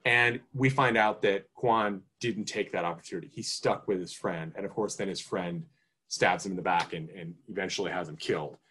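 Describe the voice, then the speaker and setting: A man on a podcast talks through a movie in loose, casual chat. His voice sits a bit low, and he rambles with fillers and restarts, rising in pitch when he gets excited. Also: moderate pace, breathy edge. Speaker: podcast co-host. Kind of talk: casual film review chat.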